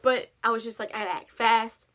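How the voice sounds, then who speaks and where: A young woman tells a casual storytime for her vlog, chatty and animated, filling her sentences with "like" and acting out the voices of the people involved. Her voice sits a little high. The recording sounds dull and lo-fi. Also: brisk. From Texas. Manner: chatty, animated, lots of "like", acts out quotes. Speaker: vlogger.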